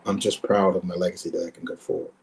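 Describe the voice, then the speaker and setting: A man's voice: flat delivery, fast, darkish tone. A man in his sixties, a former football player as guest, telling heartfelt stories over a video call, repeating words and acting out past conversations. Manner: repeats words, acts out quoted exchanges with rising pitch. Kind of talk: emotional storytelling.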